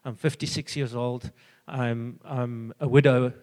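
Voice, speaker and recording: An older man giving an earnest, halting personal testimony full of fillers and restarts. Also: mid-range voice, fairly even intonation, a little mellow, in a large hall. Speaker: church member giving a testimony.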